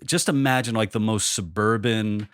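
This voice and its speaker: A man's voice: fairly low pitch, normal speed, clean tone, dry recording, studio quality. A man in his thirties hosting a podcast, rambling and joking at his own expense with many restarts. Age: 30s. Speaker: podcast host. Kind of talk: casual comedic conversation.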